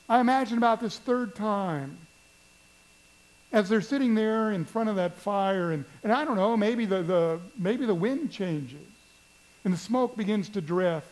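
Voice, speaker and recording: Storytelling male preacher, fairly high voice. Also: a little slow, darkish tone, poor audio. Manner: conversational storytelling, asks the congregation questions. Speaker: pastor. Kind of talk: sermon.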